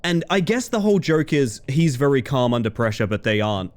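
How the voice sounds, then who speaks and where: A man's voice: fairly high pitch, lively intonation, moderate pace, hardly any pauses, a little mellow. A man chatting casually with his viewers while he streams a game, rambling and laughing easily. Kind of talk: casual gaming-stream chat.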